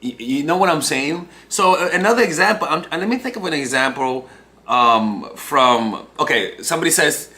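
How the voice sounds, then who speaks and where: Lively, bright-voiced young male coach. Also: a little high, moderate pace. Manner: talks in loose restarts and checks in with "right?". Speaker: dating coach. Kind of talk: casual monologue to camera.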